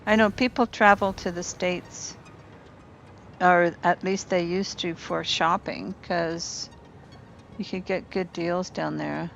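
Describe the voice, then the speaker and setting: A woman streams a game from her apartment, chatting casually with viewers and thinking out loud while she builds. Her voice is fairly low, creaky and fairly bright, with fairly even intonation and a slow pace. The lo-fi recording carries a little hiss or hum.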